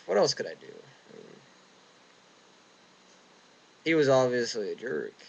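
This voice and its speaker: A man's voice: medium pitch, wildly swooping pitch, unhurried, gravelly, husky, dull audio. A young man ranting casually and indignantly, rambling with restarts, recorded outdoors in the wind. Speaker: vlogger. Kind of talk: casual rant.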